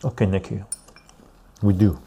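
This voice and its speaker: A man's voice: sits low, fairly even intonation, normal speed, mellow, slight background noise. A man hosting a live stream, chatting loosely with viewers and reading their comments aloud. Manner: loose and chatty, reads the chat aloud, says "right?" often.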